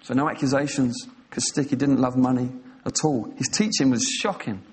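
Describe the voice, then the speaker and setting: A man's voice: mid-range voice, fairly even intonation, moderate pace. A man preaching a sermon with passion and emphasis, retelling scenes and pressing his points home. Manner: impassioned, emphatic, acting out scenes in quoted voices.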